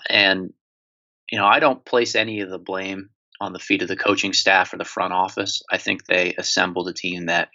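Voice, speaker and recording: Deep-voiced man analyzing basketball. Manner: measured, analytical, steady. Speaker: podcast co-host. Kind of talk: casual sports podcast chat. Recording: slightly dull lo-fi audio.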